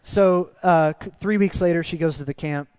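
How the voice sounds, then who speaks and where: A male pastor delivers a sermon in a relaxed, storytelling way, earnest and conversational. His voice sits on the higher side for a man, and the sound is close and dry with almost no room around it. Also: moderate pace, smooth, no echo. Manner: conversational, earnest, dips soft in emotional parts.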